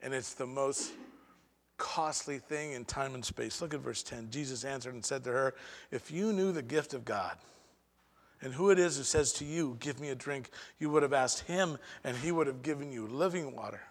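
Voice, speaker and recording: A man preaching a sermon as pastor, with dramatic pauses and sudden swings between soft and loud delivery. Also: medium pitch, in a large hall.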